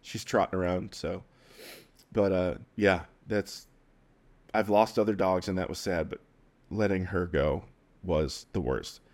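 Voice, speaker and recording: A man telling a personal story in an interview, halting and tearful, breaking into soft laughs and trailing off. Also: deep voice, steady tone. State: crying at times. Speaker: guest.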